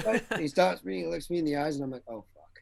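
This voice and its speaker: A man as a guest actor in an interview, telling casual stories with animated energy, acting out the quoted dialogue and laughing often. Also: a little high, quick pace, vocal fry.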